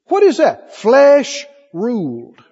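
High-voiced male preacher in a hall. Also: slow pace, slightly rough. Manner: lively preaching, acts out cravings in mock voices. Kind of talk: sermon. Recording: muffled sermon tape with long hall echo.

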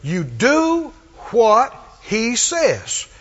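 A man with a strikingly high voice preaches a sermon, pressing each point and calling on the congregation to answer back. The sound is muffled and lo-fi, with a long reverb trailing off the walls of a church hall. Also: huge pitch swings, extremely slow, fairly bright tone, husky. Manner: emphatic call-and-response preaching.

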